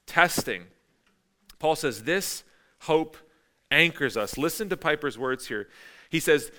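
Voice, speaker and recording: A man's voice: fairly high pitch, lively intonation, slow pace, pauses often, pushed and bright. A middle-aged man preaching a sermon in a conversational, emphatic way, often repeating phrases and asking "right?". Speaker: pastor.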